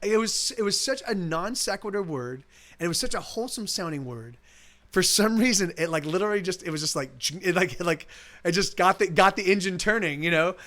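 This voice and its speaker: Man, high voice, bright tone, rambling casual story, lots of restarts, swearing, faint guitar behind. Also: lively intonation, fairly quick. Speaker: musician streaming live.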